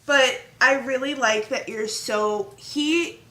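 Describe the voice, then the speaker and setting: A woman hosting a casual couples vlog, chatty and animated, teasing her partner fondly. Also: high voice, takes it slowly. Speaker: vlog host. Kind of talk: casual chat. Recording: echoey room.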